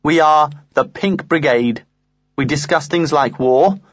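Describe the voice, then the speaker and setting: A man reading a comic diary aloud in the first person, earnest and lively. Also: on the high side, measured pace, no room sound. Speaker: audiobook reader.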